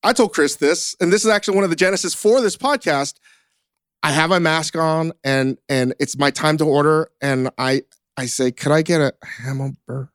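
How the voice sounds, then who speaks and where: A man's voice: fairly high pitch, normal speed, a bit bright, clear, resonant tone, no echo, studio quality. A man whose first language was Korean, hosting a podcast, talking in a sheepish, self-deprecating casual way. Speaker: podcast host. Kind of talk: casual chat.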